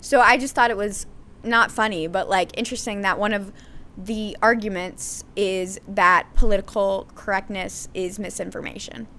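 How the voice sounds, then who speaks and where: A woman's voice: mid-range voice, steady tone, normal speed, bright, forceful tone, slight background noise. A young American woman hosting a solo podcast, talking candidly and thinking aloud with frequent ums and likes. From United States. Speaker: podcast host.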